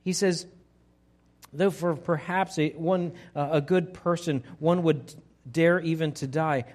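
A pastor preaching a conversational sermon to his congregation, swinging between loud emphasis and quiet, hushed lines. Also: on the high side, steady tone, unhurried. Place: church sanctuary.

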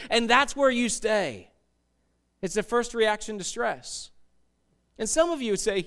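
Pastor guy preaching, high bright voice, clean and smooth, acts stuff out a lot. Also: a little slow. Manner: animated, acts out panicked voices. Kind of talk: sermon.

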